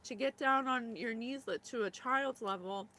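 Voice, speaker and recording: A woman's voice: a little high, normal speed, bright, forceful tone, poor audio. A woman in her thirties, from the former Yugoslavia, hosting a psychic reading in a casual, emotional way with many fillers. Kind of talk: casual spiritual reading talk.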